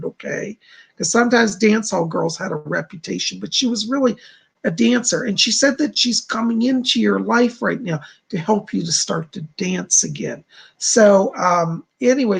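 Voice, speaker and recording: A man with a deeply gravelly, fry-laden voice and a husky, breathy edge gives psychic readings on a live stream. He speaks softly and reassuringly, reading viewers' messages aloud before answering them. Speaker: psychic medium.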